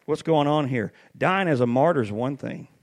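A middle-aged preacher delivers a sermon in a storytelling way. His voice sits a little high and swoops widely, rising to shouted peaks. He talks to the congregation like family. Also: expressive, moderate pace.

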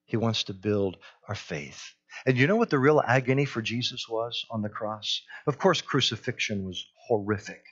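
A man's voice: medium pitch, normal speed, a bit bright, breathy edge, lo-fi sound. A man preaching a sermon, earnest, who repeats his key phrases and rises into urgent pleas. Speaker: pastor.

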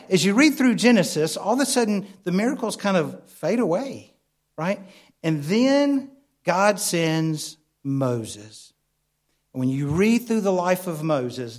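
A man's voice: fairly high pitch, darkish tone. A man preaching a sermon in a conversational way, often asking the congregation questions. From United States. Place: church.

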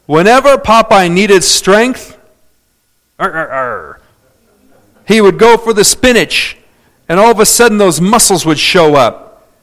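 A male preacher delivering a sermon, swinging between loud, drawn-out declarations and hushed, soft-spoken asides. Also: high-pitched, expressive.

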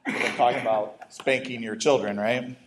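Male pastor, sermon, mid-pitched voice, conversational, self-interrupting, humorous asides. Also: steady tone, normal speed, background noise.

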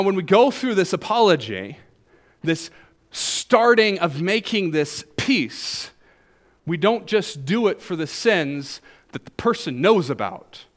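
A male pastor with a Southern US accent preaching a sermon, joking with the congregation. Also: high voice. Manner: animated, jokes with the congregation.

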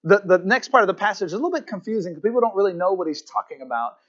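A man with a high voice preaches to his congregation with emphatic rhetorical questions, calling out for an amen now and then. The recording sounds dull and lo-fi. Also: expressive, rapid-fire, fairly bright tone. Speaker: pastor. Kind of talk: sermon.

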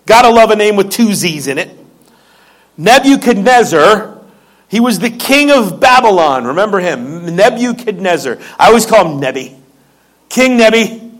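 Man, pastor; high voice, casual sermon delivery. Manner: conversational, joking asides, repeats words.

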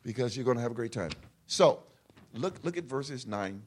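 Husky preacher man, soaring and dipping. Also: expressive, normal speed. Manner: swings from quiet intimate lows to shouted soaring highs. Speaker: pastor. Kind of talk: sermon with call-and-response prayer. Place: large church hall.

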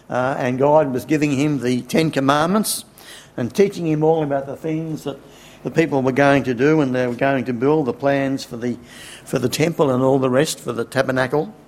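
A man preaching a sermon, unhurried, asking rhetorical questions and chuckling wryly. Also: medium pitch.

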